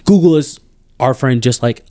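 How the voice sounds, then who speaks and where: A man hosting a podcast, venting in an animated, exasperated way with many restarts. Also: medium pitch, moderate pace, dry recording. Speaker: podcast host. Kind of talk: casual chat.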